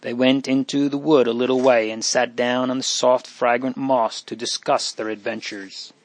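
A man narrating an old storybook aloud in a steady, measured reading. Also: medium pitch.

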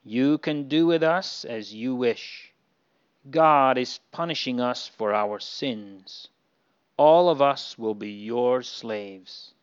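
A humble, pleading grown brother, as a man telling a story puts him on, speaking softly and slowly. The voice is smooth and the recording is muffled and lo-fi. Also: mid-range voice, natural voice. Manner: soft, pleading.

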